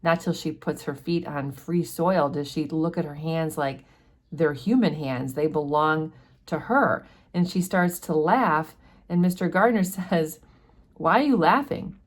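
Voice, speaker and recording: A woman with a low, relaxed voice walks through a book chapter in a chatty teaching manner. She pauses often with fillers and talks the story over casually. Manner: chatty, explanatory, many fillers. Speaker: book study host.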